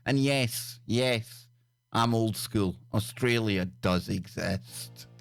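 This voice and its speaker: A man's voice: on the low side, slow, vocal fry, faint music behind. A man hosting a live stream, riffing crudely and jokily on odd news stories with stammered restarts. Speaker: show host.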